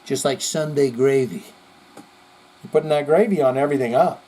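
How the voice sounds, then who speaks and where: A male podcast host reading viewer comments in casual, rambling commentary, animated and profane, jumping between loud outbursts and mutters. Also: medium pitch, a little fast. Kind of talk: casual live-chat commentary.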